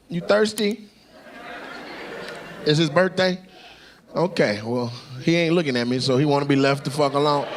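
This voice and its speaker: In a noisy live club recording, a stand-up comic teases the crowd brashly and profanely into a handheld microphone. He speaks at a moderate pace in a slightly high, animated voice, leaving long pauses.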